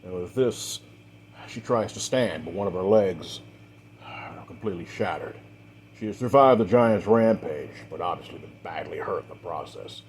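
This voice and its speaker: Low-voiced male storyteller. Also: animated, moderate pace, a little hiss or hum. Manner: repetitive linking phrases, swelling on action beats. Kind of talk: dramatic fiction narration.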